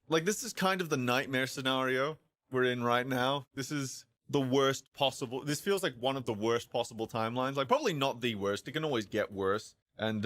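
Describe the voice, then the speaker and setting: A man talking on a livestream in a casual rant, often stammering and repeating words as he acts out both sides of imagined back-and-forth conversations. His voice is bright and forceful. The sound is dry and close. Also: mid-range voice, no room sound. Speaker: streamer discussing films.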